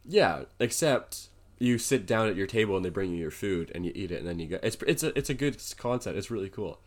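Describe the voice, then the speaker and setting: Male co-host, lowish voice, animated and jokey storyteller. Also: fast. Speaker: podcast co-host. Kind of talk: casual chat, storytelling.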